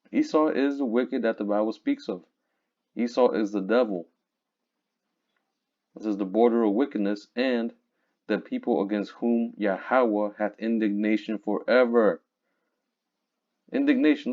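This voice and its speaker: A man teaching from scripture in a casual, conversational way, reading verses slowly and looking up words aloud. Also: on the low side, darkish tone. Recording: dull lo-fi recording.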